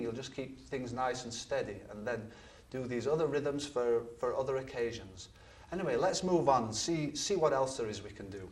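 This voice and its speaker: A man's voice: mid-range voice, darkish tone. A man teaching ukulele in an instructional video, speaking patiently and repeating his words now and then. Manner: patient, counts beats aloud while strumming, repeats words. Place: studio. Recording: from a distance, with ukulele strumming.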